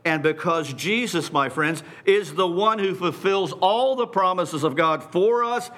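A man preaching a sermon in a deliberate, emphatic way, repeating phrases for stress. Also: high voice, expressive, fairly bright tone.

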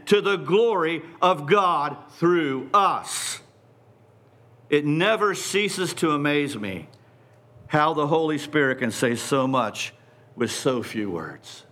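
Male preacher, fairly high voice, unhurried, emphatic sermon delivery. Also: animated, sharp tone. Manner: deliberate, emphatic, repeating phrases for stress.

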